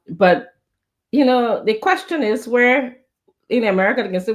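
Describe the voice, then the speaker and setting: A woman, a guest giving measured political commentary on a talk show. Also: a little high, expressive. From Liberia.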